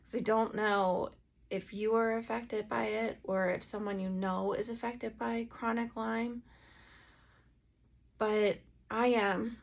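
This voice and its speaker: A woman's voice: on the high side, steady tone, takes it slowly, vocal fry. A woman and energy healer talking earnestly in a casual, heartfelt vlog, with plenty of filler "like"s.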